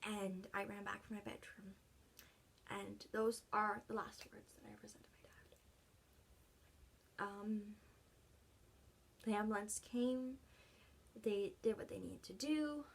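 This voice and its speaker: A woman vlogger telling her own story unscripted, halting and emotional, often dropping to a soft breathy voice between pauses. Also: medium pitch, fairly even intonation.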